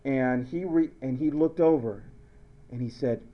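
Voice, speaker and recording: A man teaches high school chemistry in a lighthearted lecture, joking, telling stories and repeating questions to the class. He has a mid-range voice and a measured pace, heard through a muffled recording.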